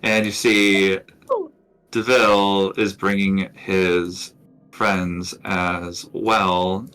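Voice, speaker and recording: A man runs a tabletop game as dungeon master. His voice is low and his narration is relaxed and chatty, with easy fillers. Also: extremely slow, smooth, faint music behind.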